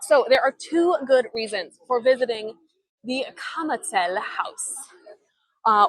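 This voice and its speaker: Out on an old town street, a young woman talks into her handheld phone during a live walking tour, upbeat and gabby as she reads comments from viewers. Her fairly high voice is slightly bright with a breathy edge, captured dry and in poor quality.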